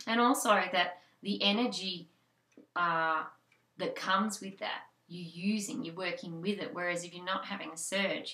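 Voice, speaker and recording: This woman, a childbirth educator with an Australian accent, talks informally and conversationally, restarting often and using many fillers. Her voice is lowish, bright, and forceful, with a roomy sound.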